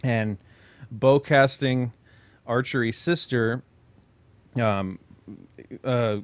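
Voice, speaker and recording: A man's voice: mid-range voice, very slow, clean tone, no room sound. A man co-hosting a podcast, casually retelling a horror movie plot, swearing freely and circling back on himself with lots of filler. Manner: profane, rambling, lots of "like" and restarts. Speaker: podcast co-host.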